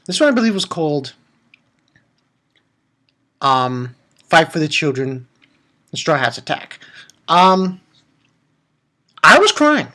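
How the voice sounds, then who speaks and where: A man reviewing an anime episode in a rambling, excitable way, stumbling over names and jumping up into high squeals. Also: takes it slowly, long pauses.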